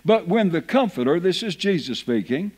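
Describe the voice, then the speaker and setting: Animated preacher man, lively rising voice. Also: high-pitched, moderate pace. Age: over 50. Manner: reads scripture aloud, folksy asides. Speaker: pastor. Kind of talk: sermon. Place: church sanctuary.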